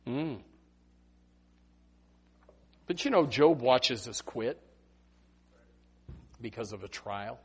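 A man preaching a Baptist sermon, swinging from loud emphatic bursts to hushed asides. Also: mid-range voice, expressive, drawn-out words, pauses often, slightly rough.

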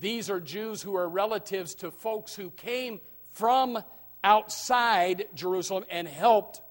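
This pastor's slow-paced sermon swings between emphatic, loud passages and quiet, low asides. Sentences often start with repeated words, and "amen" comes up again and again.

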